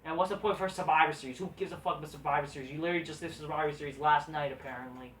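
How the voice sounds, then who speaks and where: A woman's voice: low-pitched, fairly even intonation, racing, a bit bright, slight background noise. A woman giving a profane, sarcastic rant as a wrestling show reviewer. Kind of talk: ranting video review. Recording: roomy, distant from the mic.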